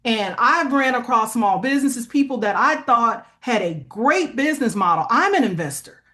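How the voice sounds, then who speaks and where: Woman guest, somewhat high voice, plain-spoken explainer who keeps checking in. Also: lively intonation, normal speed, pushed and bright. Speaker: guest, funding expert. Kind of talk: conversational interview.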